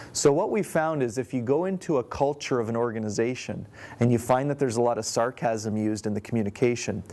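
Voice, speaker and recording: A man's voice: medium pitch, a little mellow. A man who works as a trainer and executive coach, explaining a point in a conversational way and telling anecdotes. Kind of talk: training presentation.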